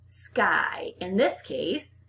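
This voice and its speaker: A woman's voice: lowish voice, sing-song, very slow, creaky, a bit bright. A woman teacher leading a phonics lesson for young children, upbeat and sing-song, stretching out the sounds.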